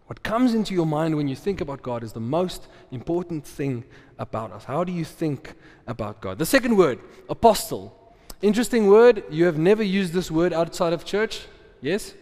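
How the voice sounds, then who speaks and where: A man preaching a sermon in a relaxed, conversational way, asking the congregation questions and laughing often. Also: fairly high pitch, brisk. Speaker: pastor. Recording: long hall reverb.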